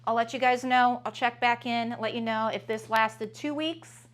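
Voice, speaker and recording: A woman's voice: fairly high pitch, fairly even intonation, normal speed. A woman, a mother and family vlogger, chatting casually and upbeat through a grocery haul at home, with plenty of "um"s. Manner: chatty, upbeat, many fillers.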